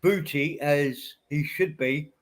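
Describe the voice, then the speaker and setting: A man chats on a livestream and keeps calmly breaking in to finish his point. His voice sits slightly high, and he talks in an even, patient way. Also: takes it slowly, a little hiss or hum. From England. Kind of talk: casual livestream chat.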